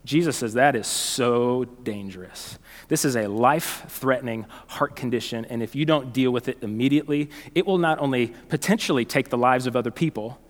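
A male pastor preaching a sermon in a conversational, animated way, telling stories and often restarting phrases. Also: mid-range voice, moderate pace, long reverb tail.

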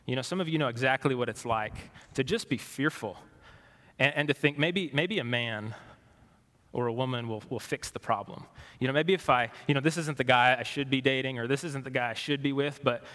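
A man preaching a sermon as pastor, conversational and questioning, moving between animated and hushed delivery. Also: medium pitch, fairly quick, long reverb tail.

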